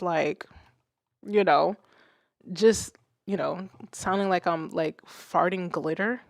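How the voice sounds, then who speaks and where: A young woman chats through a music livestream in a relaxed, unhurried way, her voice carrying a noticeable gravelly fry. She talks loosely, laughs often and swears casually, and the close mic keeps the sound dry and near. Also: lowish voice, no room sound. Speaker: music streamer.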